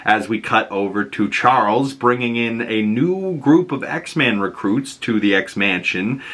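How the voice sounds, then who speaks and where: A man's voice: on the low side, a little slow, a bit bright. A man hosting a casual episode recap, rambling with lots of fillers and casual swearing. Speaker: host reviewing a cartoon episode.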